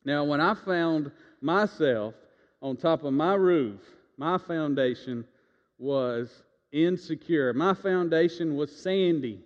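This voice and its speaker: Preacher guy with a high voice telling a folksy story, big echoey church, kinda muffled recording. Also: slow. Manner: folksy storytelling with call-and-response. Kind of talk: sermon with a personal story. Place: church sanctuary. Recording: reverberant church, dull lo-fi sound.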